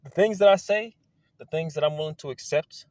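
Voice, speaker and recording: A man in a casual, rambling monologue outdoors, excitable and wandering, swearing now and then. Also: a little high, a little fast, no echo, studio quality. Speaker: video creator. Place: outdoors among trees.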